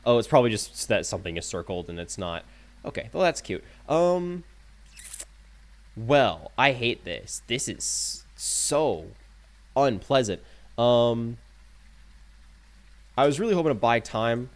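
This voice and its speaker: A man streaming a horror game live, talking to himself with jokey, animated commentary while keyboard clicks sound behind him. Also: mid-range voice, a little slow, pauses often.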